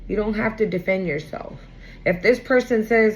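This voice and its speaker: A woman's voice: medium pitch, moderate pace, highs cut off. A woman giving a casual spoken tarot reading, talking bluntly with slang and free swearing. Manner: animated, acts out quoted voices. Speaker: tarot reader.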